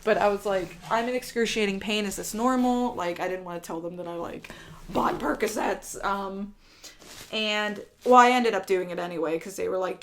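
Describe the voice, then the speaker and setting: A woman's voice: mid-range voice, a bit bright. Woman vlogger, young, storytime, candid, chatty, swears a lot, rambling. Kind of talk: storytime vlog.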